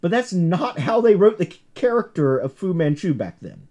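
A man's voice: high-pitched, very animated, normal speed, mellow. A man giving a chatty class lecture on comics, full of asides and self-corrections.

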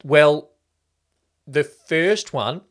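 A man's voice: a little high, drawn-out words. A man co-hosting a casual movie review podcast, arguing his points emphatically and swearing now and then. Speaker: podcast co-host. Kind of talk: casual film review chat.

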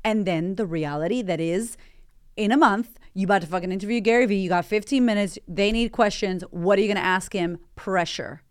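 A woman's voice: medium pitch, a little fast, clear, resonant tone. A woman hosting a motivational podcast, talking with candid energy and swearing freely. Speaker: podcast host and life coach.

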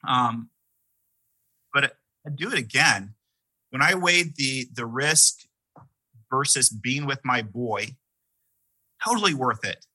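A man's voice: medium pitch, lively intonation, slow pace, long pauses, sharp tone, dry recording, rough recording. A middle-aged man, a pastor, preaching a sermon in an earnest, conversational way with many fillers and restarts. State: sick with a mild cough.

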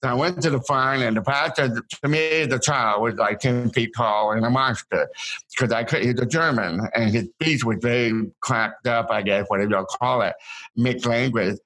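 A man of middle pitch tells stories from his childhood as an interview guest. He talks in a casual way, in halting bursts, restarting his sentences and repeating words as he goes. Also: fairly bright tone, rough recording. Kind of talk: casual storytelling.

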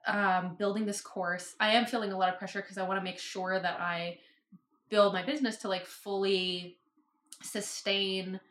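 Woman guest, chatty storyteller, bright tone, recorded in a roomy space. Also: mid-range voice, steady tone, moderate pace, slight background noise. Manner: chatty, lots of likes and fillers. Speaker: podcast guest, business owner. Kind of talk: casual interview storytelling. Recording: roomy echo.

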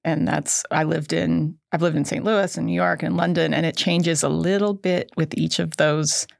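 A woman's voice: deep voice, fairly even intonation, moderate pace, gravelly, dry recording, clean studio sound. A middle-aged woman co-hosting an educational podcast, chatty and self-deprecating, laughing at herself often. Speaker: podcast co-host. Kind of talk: casual educational podcast chat.

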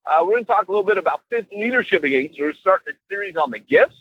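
A man's voice: high voice, expressive, very fast, slightly rough, no echo. Playful man on a muffled call line. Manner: playful, jokey, teasing. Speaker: podcast co-host. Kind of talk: casual podcast chat. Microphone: remote call mic.

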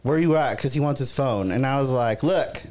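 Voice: mid-range voice, moderate pace. A podcast co-host retelling a night out in casual chat, acting out what everyone said. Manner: animated, laughing retelling with acted-out quotes.

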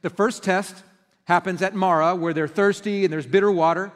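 A middle-aged pastor giving a conversational sermon, telling stories and acting out quoted outbursts. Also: male voice, sits high, fairly even intonation, moderate pace. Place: church sanctuary. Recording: long hall reverb.

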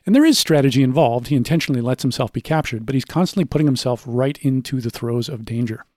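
A man's voice: mid-range voice, animated, fast talker, a little mellow, no echo, studio quality. A man speaking as a podcast guest, working methodically through his notes and building each point with examples. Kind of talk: conversational podcast discussion.

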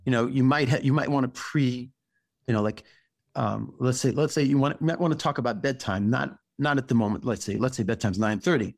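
During a casual podcast conversation, a rabbi offers parenting advice, frequently stopping and restarting his words. His voice is gravelly and medium in pitch, and the recording is dry.

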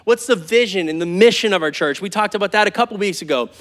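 A man in his thirties, a pastor preaching to a live congregation in a church, conversational and animated, calling out to the crowd. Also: high voice, fast. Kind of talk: sermon.

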